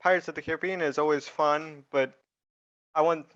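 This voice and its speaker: A man's voice: a little high, steady tone, normal speed, fairly bright tone, muffled recording. A man co-hosting a movie reaction, explaining things earnestly and at length. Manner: earnest, rambling. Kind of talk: casual reaction chat.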